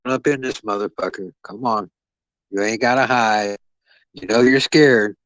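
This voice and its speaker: A man's voice: fairly low pitch, moderate pace, a bit bright, no echo, dull audio. A man rambling and boasting as he stands in as host of a boxing live stream, swearing freely and talking to his chat.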